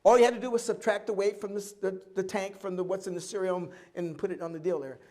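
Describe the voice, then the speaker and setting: A man in his seventies, a guest at a live oral history event, tells stories from his life in a high, fast voice. He is an animated storyteller who acts out both sides of each conversation and laughs often.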